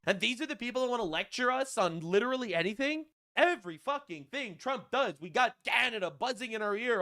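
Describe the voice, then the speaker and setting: A man rants on politics in a mocking, sarcastic way, swearing freely. His voice runs high. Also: sing-song, moderate pace, hardly any pauses, sharp tone. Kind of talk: political rant commentary.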